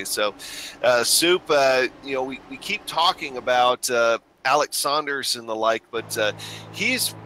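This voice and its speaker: Bright-voiced man calling a sim race. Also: mid-range voice, slight background noise. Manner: relaxed, filler-heavy, rises to excited calls. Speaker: race commentator. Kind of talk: sim racing play-by-play commentary.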